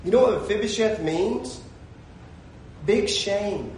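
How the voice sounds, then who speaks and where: A male pastor preaching an animated sermon, acting out scenes as he goes, in a church. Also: on the high side, moderate pace. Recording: echoey room.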